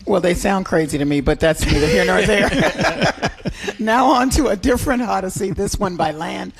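A woman's voice: mid-range voice, expressive, normal speed, gravelly. A woman hosting a radio arts and culture chat, wry with laughing asides. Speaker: radio show host.

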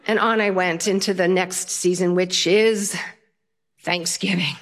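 An older woman telling a humorous personal story to an audience, lively and self-mocking. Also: lowish voice, a little slow.

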